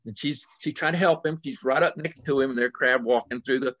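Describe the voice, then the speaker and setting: Male author guest, middle-aged, animated yarn-spinner, dry close recording. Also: mid-range voice, fairly quick, no room sound. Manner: lively, acts out scenes with sudden loud and soft swings. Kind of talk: animated storytelling in conversation.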